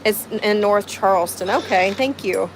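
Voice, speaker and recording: Hosting a casual livestream outside at home, a middle-aged Southern US woman talks a little slowly in a medium-pitched voice. Her chat is rambling and emotional, and she greets viewers by name. The background is noisy.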